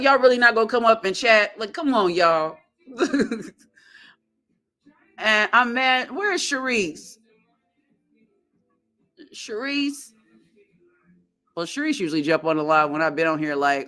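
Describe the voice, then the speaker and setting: A woman hosting a casual livestream, chatting in a halting way and greeting viewers one by one. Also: low-pitched, bright, forceful tone, clear, resonant tone. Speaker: livestream host.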